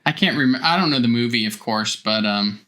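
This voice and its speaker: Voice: mid-range voice, expressive, quick pace, pushed and bright. A podcast host in casual chat, rambling with hesitant fillers and laughing along with the co-host.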